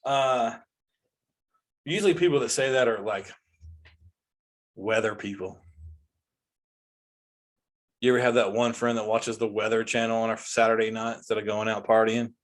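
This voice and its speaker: A man's voice: on the low side, steady tone, normal speed, pauses often. Exasperated man in his forties ranting. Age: 40s. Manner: exasperated, incredulous, mocking common sayings. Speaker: comedian. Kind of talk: comedic rant.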